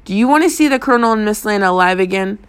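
A woman's voice: mid-range voice, animated, racing, clean tone, natural voice. A woman reading an audiobook, voicing a male kidnapper who speaks in a cold, mean, terse way.

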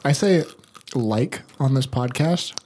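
A man co-hosting a laid-back podcast, his voice leaping around in pitch as he talks. He sounds eager and enthusiastic, tossing in casual swearing as he chats. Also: expressive, takes it slowly, a little mellow, slight background noise. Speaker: podcast co-host. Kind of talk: casual chat.

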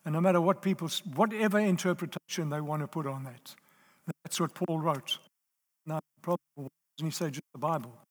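A man's voice: on the high side, fairly quick. A man preaching a sermon to a live audience. He talks emphatically, repeats his key phrases and checks whether the listeners are still with him. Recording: long reverb of a large hall.

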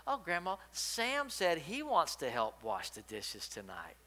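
A man voicing a smug, scheming older sister who speaks slowly and slyly. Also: fairly high pitch, wildly swooping pitch, pushed and bright, in a large hall, full character voice.

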